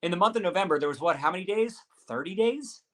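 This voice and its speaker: A man's voice: sits high, animated, fast, fairly bright tone. A man hosting a live-streamed interview over a video call, talking in an upbeat, hyped-up motivational way. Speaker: host.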